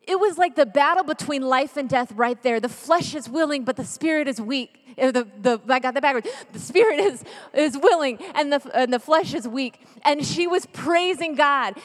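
A woman in her thirties with a fairly high voice shares a heartfelt story of faith with an audience. Her voice carries a long reverb that fills a large hall. At emotional moments she drops nearly to a whisper. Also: brisk, few pauses. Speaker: Catholic speaker. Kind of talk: personal testimony talk.

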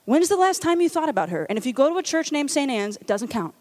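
A woman from Louisiana tells a funny story as part of a church talk, chatty and self-mocking. Her voice is high and swings widely in pitch. She fills her speech with casual "like"s. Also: fast talker. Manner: animated, self-deprecating, chatty with many "like"s. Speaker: church speaker. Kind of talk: comedic storytelling sermon.

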